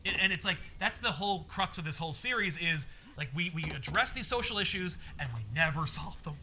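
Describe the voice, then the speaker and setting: A man's voice: high-pitched, animated, fairly quick, noisy background. A man hosting a casual comics podcast, telling the story animatedly, peppered with "like" and swearing. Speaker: podcast host. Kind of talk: casual comic book discussion.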